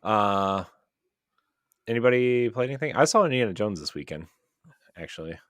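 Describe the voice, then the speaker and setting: A man's voice: lowish voice, lively intonation, moderate pace, no echo. A man co-hosting a casual podcast chat, talking enthusiastically and rambling with many fillers and restarts. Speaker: podcast co-host.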